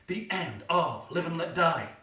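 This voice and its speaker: A man performing a live solo comedy show on stage, sardonic and quick with asides. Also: on the high side, lively intonation, bright, forceful tone. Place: small theatre stage. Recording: roomy theatre, from a distance.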